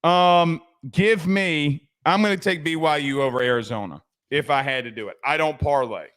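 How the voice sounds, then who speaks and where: A man's voice: a little high, normal speed, a bit bright, smooth. A man hosting a sports podcast, chatting loosely and reading viewer comments, with frequent restarts and casual swearing.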